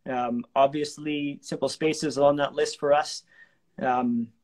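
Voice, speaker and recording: Brief: man, a touch higher voice, easygoing live-show host, rambles with "um"s. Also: measured pace. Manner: chatty, relaxed, lots of fillers and restarts. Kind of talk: live-streamed renovation talk show.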